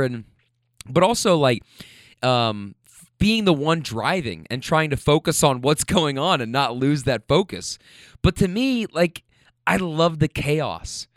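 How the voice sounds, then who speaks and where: A man who hosts a podcast and drives rideshare, telling a profane, animated story in a casual monologue. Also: on the high side, no room sound, studio quality.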